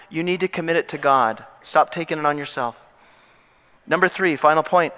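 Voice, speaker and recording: Animated preacher in a reverberant hall. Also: male voice, fairly high pitch, moderate pace. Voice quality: animated and joking, with wide swings between loud and hushed. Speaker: pastor. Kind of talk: sermon.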